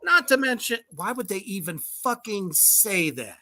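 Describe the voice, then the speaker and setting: A sarcastic woman co-host reads and tears apart a music list in casual, profane chat. Her voice is bright and swoops up and down. She takes her time and laughs easily. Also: mid-range voice, sing-song, unhurried. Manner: sarcastic, swears freely, laughs often.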